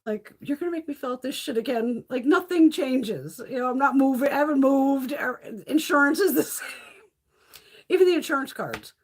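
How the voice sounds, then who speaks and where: With a high voice at a moderate pace, this woman hosts a casual beauty livestream on her phone. She tells stories, swearing freely and laughing throughout.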